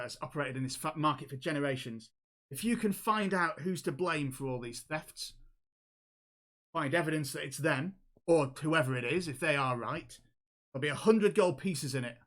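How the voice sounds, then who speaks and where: A woman's voice: low-pitched, normal speed, lightly acted. A man voicing an indignant female gnome stall keeper who scolds and accuses. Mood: insistent.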